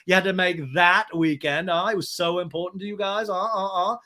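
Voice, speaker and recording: A man's voice: sits high, steady tone, fairly quick, pushed and bright. A man putting on a hesitant, stammering young man who pleads and fumbles his words. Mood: pleading.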